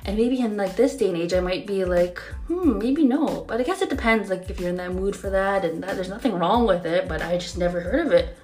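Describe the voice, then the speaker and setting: A woman's voice: fairly low pitch, quick pace, darkish tone, faint music behind. A young woman hosting her own podcast, telling a story in a chatty way with many fillers and frequent laughs. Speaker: podcast host. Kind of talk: casual storytelling monologue.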